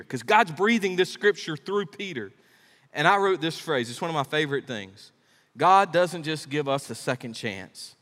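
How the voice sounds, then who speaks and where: A man preaching a sermon as pastor, emphatic, asking the crowd rhetorical questions and swinging between loud and soft. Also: a little high. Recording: long echo of a big hall.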